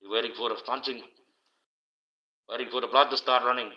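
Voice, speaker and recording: A man hosting a livestream alone, rambling and swearing in loose casual banter into a low-placed mic. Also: steady tone, a little fast. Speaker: livestream host. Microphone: low-placed desk mic. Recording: dull lo-fi stream audio.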